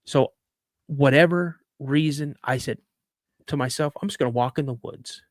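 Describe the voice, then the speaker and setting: A man's voice: a little high, fairly quick, no room sound, studio quality. Man telling a story, acting out voices. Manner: acts out dialogue with raised voice. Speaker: podcast guest storyteller. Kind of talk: animated storytelling.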